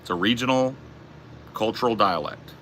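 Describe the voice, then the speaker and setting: Californian-accent streamer guy, sarcastic, blunt, kinda low but bright tone. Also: moderate pace, a little hiss or hum. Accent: general Californian. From southern United States. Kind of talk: casual live-stream chat.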